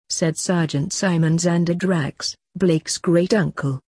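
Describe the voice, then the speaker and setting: A woman narrating a story in a brisk, matter-of-fact reading style. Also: lowish voice, darkish tone, slightly rough, no room sound, clean studio sound.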